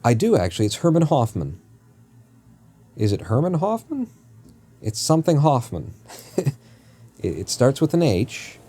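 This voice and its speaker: A man's voice: mid-range voice, big pitch swings, unhurried, pauses often, warm tone. A man streaming a game live, chatting casually in a rambling, joking way and often correcting himself mid-sentence. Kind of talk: casual live-stream chat while playing.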